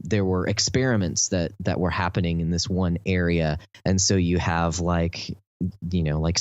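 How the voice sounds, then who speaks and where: A man with a Texan accent and a very low voice talks through a topic in loose, rambling podcast chat, full of fillers. The sound is dry and close, with a slightly dull, muffled tone. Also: a little mellow, no echo. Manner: rambling, lots of fillers, enthusiastic explaining. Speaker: podcast host.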